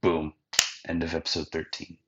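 A man hosts a casual anime recap in a loose, slangy way, full of "like" and offhand swearing. His voice is low and the recording is dull and lo-fi. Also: completely flat delivery, moderate pace, heavy background noise. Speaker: podcast host recapping anime.

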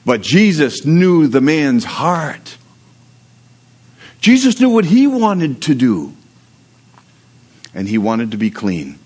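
The man's voice sits on the high side, swinging hugely in pitch, slow and full of long pauses, slightly mellow with a breathy edge. Preaching to a livestream congregation, he reads scripture aloud, then delivers a conversational, joking sermon with prayer.

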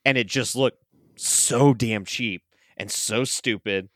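A man's voice: mid-range voice, takes it slowly, fairly bright tone, no echo, clean studio sound. A man co-hosting a podcast, complaining in a frustrated, swearing casual chat. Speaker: podcast co-host. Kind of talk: casual movie review chat.

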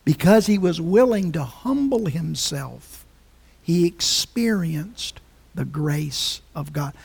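A woman's voice: deep voice, lively intonation, slow, creaky, darkish tone, slightly rough. A woman preaching a sermon with passion and emphasis, often restarting her phrases.

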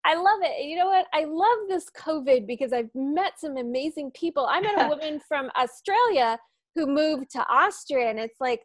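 An American woman hosting a podcast, an enthusiastic and animated storyteller in casual interview chat. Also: high-pitched, normal speed, no echo. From United States. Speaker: podcast host.

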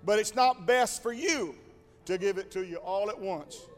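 A man preaching a sermon, moving from quiet reflection to shouted exclamations in a rhythmic preaching cadence. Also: sits high, moderate pace. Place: church sanctuary. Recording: long hall reverb, faint music.

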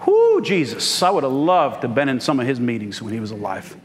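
A man's voice: medium pitch, very animated, fairly quick, long reverb tail, slight background noise. A man pastor preaching a sermon, calling out for "Amen" from the congregation. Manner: call-and-response preaching, frequent "Amen?". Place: church sanctuary.

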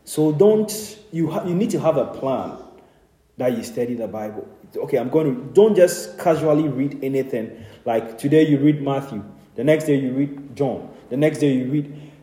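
A man's voice: medium pitch, expressive, normal speed, mellow. Man teaching a Bible study in a roomy hall. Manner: earnest teaching with repeated amens and light laughs. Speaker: pastor.

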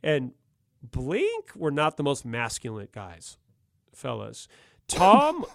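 A man's voice: fairly high pitch, takes it slowly, slight background noise. A middle-aged man telling a wild story in casual, slangy chat, laughing often. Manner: laughs often, animated, slangy ("dude", "gnarly").

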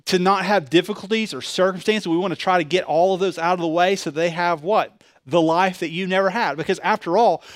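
Animated man preaching, high voice. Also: no room sound, clean studio sound. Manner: animated preaching with rhetorical questions and bursts of loudness. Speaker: pastor. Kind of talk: sermon.

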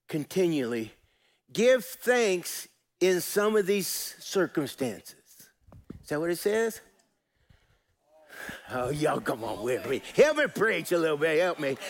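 A pastor preaches with a high, bright-edged voice. He is folksy and animated, dropping soft and then rising loud as he calls on his congregation to join in. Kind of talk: sermon.

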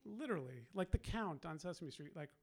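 A man's voice: a little high, lively intonation, brisk. A man telling a long personal anecdote in a casual way, laughing often and acting out the people he quotes. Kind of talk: casual storytelling.

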